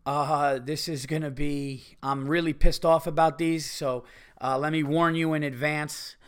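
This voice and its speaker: A man's voice: on the high side, steady tone, unhurried, clear, resonant tone. A man hosting a solo comedy podcast, ranting with heavy profanity about things that annoy him. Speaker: podcast host. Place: home.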